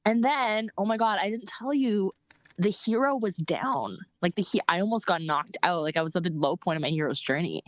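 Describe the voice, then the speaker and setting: A woman's voice: medium pitch, a little fast, no echo. Young woman chatting about her travels, lots of "like", laughs a bunch, dry close sound. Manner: animated, laughs often, many "like" fillers. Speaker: traveler telling a trip story. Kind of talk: casual storytelling chat.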